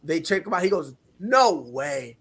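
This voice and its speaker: A man's voice: on the high side, a little slow, slightly rough. A man hosting a casual sports talk show, telling stories and acting out what players said. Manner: animated storyteller, acts out players' quotes.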